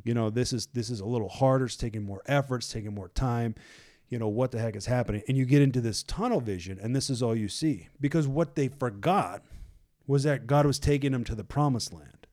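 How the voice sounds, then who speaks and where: A man at a middle pitch with a warm, mellow tone, chatting casually as he retells a Bible story. He talks loosely with lots of "like" and "you know," and acts out a panicking crowd now and then. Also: brisk. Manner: loose and animated, many fillers like "like" and "you know".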